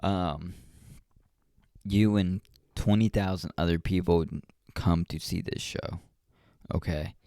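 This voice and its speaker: Young male podcast host, slow and rambling, reflective, dry close sound. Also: low-pitched, darkish tone, smooth, dry recording. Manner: rambling and reflective, with many ums and restarts. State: yawning often. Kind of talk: casual solo podcast talk.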